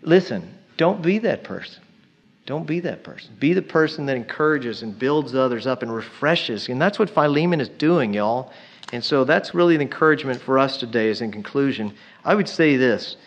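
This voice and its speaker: A man preaching a sermon to his congregation, telling stories in an animated way and calling his listeners y'all. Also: mid-range voice, moderate pace. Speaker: pastor.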